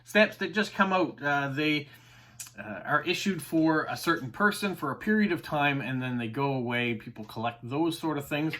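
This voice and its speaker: A man whose voice is a little high, pushed, and bright hosts a stamp collecting channel. In casual talk to camera he explains terms with enthusiasm, dropping in "uh" frequently.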